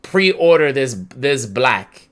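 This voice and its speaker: A young man talks casually as a podcast co-host, his pitch leaping around as he acts out each quote. His voice is bright and forward. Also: takes it slowly. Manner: animated storyteller, acts out quotes. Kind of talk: casual chat.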